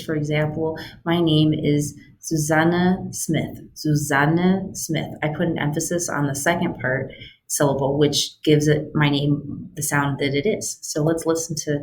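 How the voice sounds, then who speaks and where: Woman, German teacher, low voice, chatty, patient, step-by-step homework walkthrough. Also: fairly even intonation, moderate pace, a little mellow, a little hiss or hum. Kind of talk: screen-recorded homework walkthrough.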